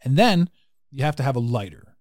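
A man's voice: medium pitch, very animated, a little fast, darkish tone, dry recording, studio quality. A man hosting a casual podcast conversation, talking bluntly and emphatically and swearing freely. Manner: blunt, profane, emphatic and preachy. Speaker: podcast host.

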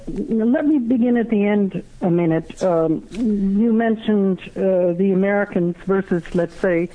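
A guest author answering interview questions in a halting way, with many pauses and restarts, heard over a phone line. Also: medium pitch.

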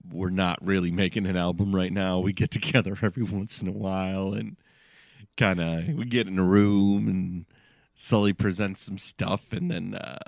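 A man's voice: lowish voice, no room sound, clean studio sound. A man co-hosting a podcast in casual chat, often laughing between words. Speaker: podcast co-host.

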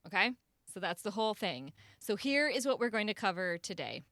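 Animated bright-voiced woman podcast host. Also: mid-range voice, a little fast, no room sound, studio quality. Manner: playful, laughs often, animated. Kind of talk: casual group chat.

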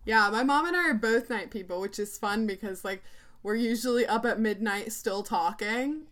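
A woman's voice: a little high, moderate pace, a bit bright. A woman in her twenties co-hosting a podcast, upbeat and casual, often saying "like.". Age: 20s. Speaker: podcast co-host.

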